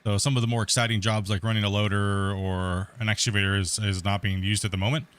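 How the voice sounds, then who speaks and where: A man's voice: lowish voice, level tone, fast, a bit bright, smooth. A middle-aged man hosting a multiplayer game stream, talking in a laid-back, rambling way with lots of restarts. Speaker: let's play host. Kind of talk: casual gameplay commentary.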